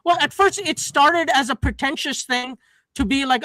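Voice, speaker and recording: A woman's voice: high-pitched, normal speed, bright, forceful tone, no echo. A woman in a casual chat, blunt, sweary and opinionated.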